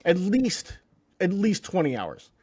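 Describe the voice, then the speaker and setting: A man co-hosting a podcast, talking in a relaxed, halting way about a TV episode. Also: high voice, husky. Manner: relaxed, halting, with many likes and ums. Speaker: podcast co-host. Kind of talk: casual recap chat.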